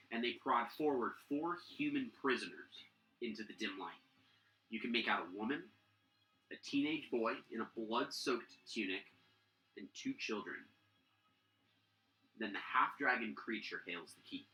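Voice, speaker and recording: A man's voice: medium pitch, moderate pace, sharp tone, echoey room, poor audio. A man narrating a tabletop game as game master, rambling with many fillers and restarts.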